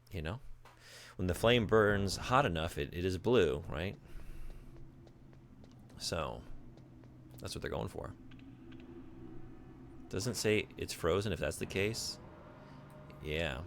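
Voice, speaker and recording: Deep, gravelly man streaming a game. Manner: rambling, thinks aloud and answers chat. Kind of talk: casual gaming stream chat.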